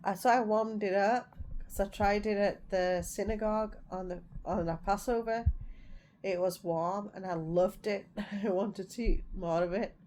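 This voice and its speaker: A woman's voice: mid-range voice, fairly even intonation, unhurried, a little mellow, a little hiss or hum. A middle-aged woman vlogging in a rambling, casual way, repeating herself as she tells family stories. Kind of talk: casual chat to camera.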